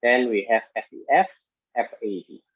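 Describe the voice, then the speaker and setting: A man lecturing on engineering statics in halting speech full of fillers and restarts, working through a problem step by step. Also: medium pitch, breathy edge, dry recording. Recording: muffled lo-fi audio.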